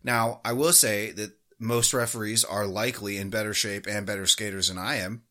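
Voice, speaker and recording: A man's voice: lowish voice, steady tone, normal speed, sharp tone. A man co-hosting a sports podcast, ranting heatedly with constant swearing. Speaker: podcast co-host. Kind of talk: casual podcast rant.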